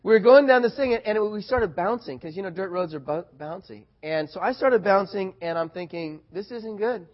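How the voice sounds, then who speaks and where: A man preaching a sermon, telling a personal story in an animated, excited way and growing loud at its high points. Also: brisk, few pauses, muffled recording. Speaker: pastor.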